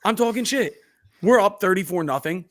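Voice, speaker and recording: A man's voice: high voice, lively intonation, normal speed. A man hosting a casual podcast chat, brash and boastful, swearing freely as he tells a story. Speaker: podcast host.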